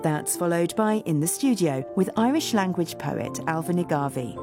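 A woman announcer reading scripted programme trailers in a smooth, polished way. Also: lowish voice, expressive, normal speed, music in the background. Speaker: radio continuity announcer.

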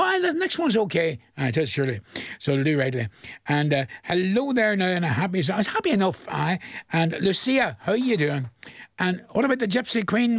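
An older man with a Northern Irish accent chats through listener greetings on his radio show, teasing and laughing along the way. His voice is gravelly and a touch husky, sitting a little high for a man. The recording is dry and close. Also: dry recording. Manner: chatty, teasing, laughs often. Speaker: radio presenter. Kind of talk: casual radio shout-outs.

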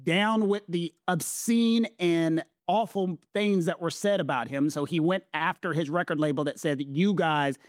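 A man as a podcast guest explaining a legal case in an earnest, measured way. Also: a little high, dry recording, clean studio sound. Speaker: podcast guest, constitutional law commentator. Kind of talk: explanatory conversation.

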